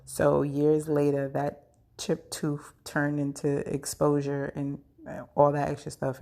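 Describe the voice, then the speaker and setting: Low, gravelly woman telling a story. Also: a little mellow. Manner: chatty, many "like" fillers, frank. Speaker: podcast host. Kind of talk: casual personal storytelling.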